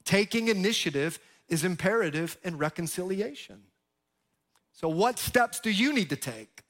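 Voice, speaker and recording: A man preaching a sermon from the pulpit, his voice pitched high for a man. He drives his points home with sudden loud bursts and quiet drops, and tosses playful asides to the crowd. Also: animated, normal speed. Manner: jokes with the crowd. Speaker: pastor.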